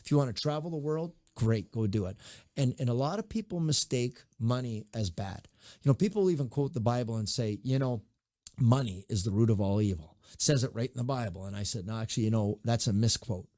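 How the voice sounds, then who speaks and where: A middle-aged man who is a mayor gives advice in a conversational interview, an animated storyteller who acts out the voices of people he quotes. His medium-pitched voice moves fast, in clean studio sound with no echo.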